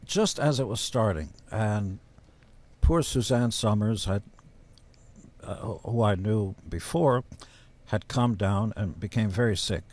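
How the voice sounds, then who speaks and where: A man as a podcast guest telling casual stories in a blunt, profane, deadpan-boasting way. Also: on the low side, takes it slowly. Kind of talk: casual storytelling.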